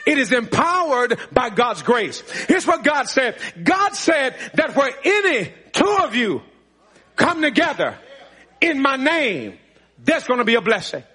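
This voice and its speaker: A man's voice: extremely high pitch, very animated, unhurried, pushed and bright, slightly rough. A man preaching a sermon in a church, calling out to the congregation and laughing often. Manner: preaching with call-and-response, frequent laughter. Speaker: pastor. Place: church sanctuary.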